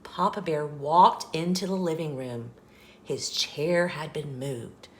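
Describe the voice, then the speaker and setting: A woman hosting a children's channel, reading a picture book aloud with slow, expressive storytelling. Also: low voice. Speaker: children's story reader and host. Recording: echoey room.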